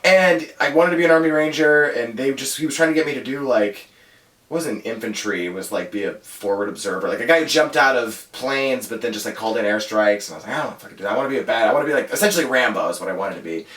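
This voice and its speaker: A man's voice: mid-range voice, fast, a bit bright, roomy sound. A man guest on a podcast telling a story in casual chat, swearing freely and laughing often. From Alaska.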